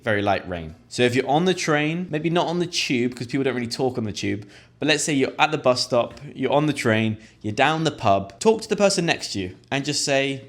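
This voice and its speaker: Man in his twenties teaching English; acts out example phrases slowly, with big pitch jumps. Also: lively intonation. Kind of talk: scripted lesson.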